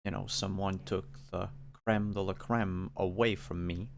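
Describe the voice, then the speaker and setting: A man's voice: low-pitched, steady tone, a little slow, gravelly. A man playing a grumbling, sarcastic scientist. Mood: worried. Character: irritable male scientist, proud and worried.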